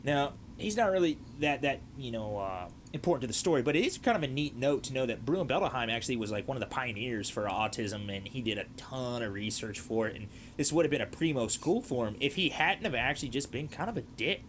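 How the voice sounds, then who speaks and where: A man's voice: medium pitch, expressive, quick pace, hardly any pauses, fairly bright tone, slight background noise. A man hosting a podcast, telling a story in a casual, rambling way with lots of fillers and restarts. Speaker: podcast host.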